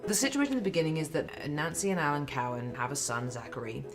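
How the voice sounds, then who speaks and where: A woman, an actress, explaining a story setup in a clear, matter-of-fact way during an interview. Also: low-pitched, quick pace. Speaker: actress describing a role. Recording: clear music behind.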